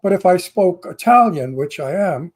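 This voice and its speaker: A man's voice: high-pitched, expressive, moderate pace, a little mellow, a little hiss or hum. A man co-hosting a radio interview, joking bluntly with salty language. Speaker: co-host. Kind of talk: casual interview chat.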